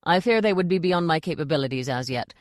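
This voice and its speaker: A woman's voice: sits low, animated, fast talker, no echo, clean studio sound. A woman voicing the formal, courteous ghost of a king in an audiobook.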